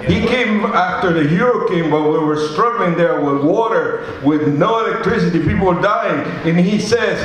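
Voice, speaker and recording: Puerto rican guy at a protest mic, fired up and emphatic, kinda high voice, very echoey rally recording. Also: recorded from a distance. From Puerto Rico. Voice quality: fiery, emphatic, halting with fillers. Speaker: rally speaker, medical volunteer. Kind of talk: impassioned protest speech and poem reading. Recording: very echoey live rally sound.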